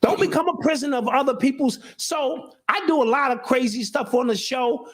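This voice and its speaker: A man's voice: extremely high pitch, fairly quick. A middle-aged man in casual chat, talking earnestly and a bit preachily, often repeating words as he restarts. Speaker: show host and guest.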